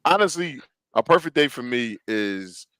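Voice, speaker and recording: A man co-hosting a podcast, talking in a relaxed, laid-back way and dropping his voice low. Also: normal speed, crowd noise. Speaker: podcast co-host. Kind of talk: casual chat.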